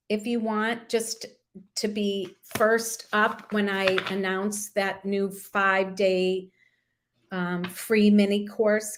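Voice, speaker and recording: A woman doing a live angel card reading, speaking to her viewers in a soothing, affirming way. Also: mid-range voice. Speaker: intuitive card reader.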